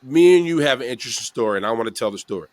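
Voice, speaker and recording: A Bronx, New York man hosts a podcast, rattling off a long, casual story at a racing clip in a mid-range voice with no echo. He's animated, laughs often, and acts out the voices of the people in it.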